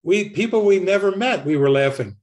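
A man, a spiritual teacher, telling a lively story and laughing often. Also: high voice, a little fast. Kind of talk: storytelling talk.

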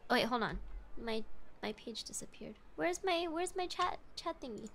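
A woman's voice: fairly high pitch, lively intonation, normal speed, vocal fry, fairly bright tone, a little hiss or hum. A woman streamer commenting on a game playthrough, reacting emotionally with gasps and chatty asides to her chat.

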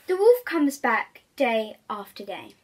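A woman reading a children's picture book aloud in a gentle, chatty way. Her voice sits fairly high and has a soft, breathy edge. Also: sing-song, slow.

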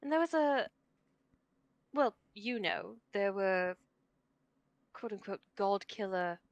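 A woman playing a tabletop role-playing game, talking in a deliberate, wry way with thoughtful pauses. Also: medium pitch, expressive, dry recording, highs cut off. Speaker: player. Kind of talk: in-character tabletop role-play.

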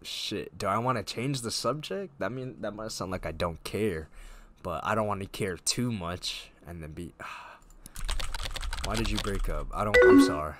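A gamer gives casual let's-play commentary on a story game, his voice fairly low and animated as he reads chat lines out loud and tosses off quick remarks with the occasional swear. He's on a desk mic with a face cam, and loud game music and keyboard typing sit behind him, adding slight background noise.

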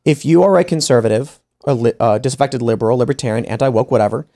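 A male podcast host argues his case in an opinionated studio discussion, restarting often and slipping into other people's voices. He talks fast in a mid-pitched, gravelly, dark-toned voice with frequent vocal fry.

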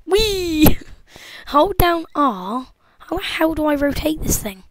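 A young woman giving casual, jokey let's-play commentary from home, excitable and talking back to the game as she plays. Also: high-pitched, slow, no room sound, low-quality recording. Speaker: gameplay commentator.

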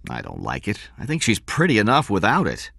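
A man's voice: fairly low pitch, wildly swooping pitch, a little fast, gravelly, fairly bright tone, no room sound, studio quality, full character voice. A man reading an audiobook, voicing a cool businesslike man with a curt, matter-of-fact manner.

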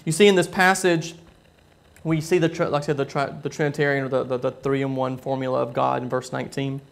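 A man preaching a sermon, telling a story with frequent halting restarts and repeated words. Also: mid-range voice, level tone, creaky. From southern United States.

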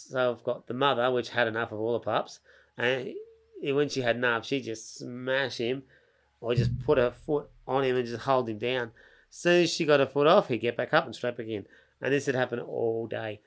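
A man with an Australian accent, a podcast guest telling stories in a casual, rambling way with lots of slang and restarts. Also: medium pitch. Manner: animated, acts out other people's lines. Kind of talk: casual storytelling chat.

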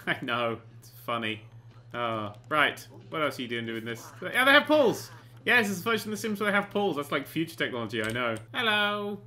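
A man giving sarcastic, excitable commentary while playing a life simulation game, often swearing and bursting into panicked shouts. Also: on the high side, normal speed. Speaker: gaming channel host. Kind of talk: comedic let's play commentary.

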